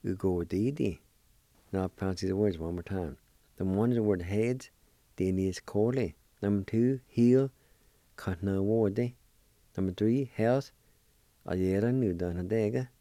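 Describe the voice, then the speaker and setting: A man teaching a language lesson, spelling and pronouncing words slowly, syllable by syllable. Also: fairly low pitch, mellow, no room sound. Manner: slow, deliberate, syllable by syllable. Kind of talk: slow spelling and pronunciation lesson.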